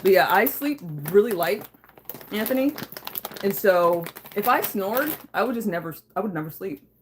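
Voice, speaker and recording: A woman with a medium-pitched, lively voice hosts a casual livestream from her home kitchen, talking at a moderate pace over a noisy background. She reads viewer comments and chats loosely, laughing, swearing, and using lots of fillers, in a casual, profane, chatty manner.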